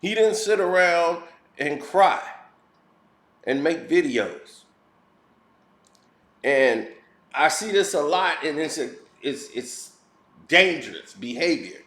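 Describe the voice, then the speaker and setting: A man with a high-pitched voice delivers a blunt, heated, preachy opinion rant. He talks as a commentary vlogger. His voice rings in a roomy echo. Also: expressive, slow pace, pauses often, fairly bright tone.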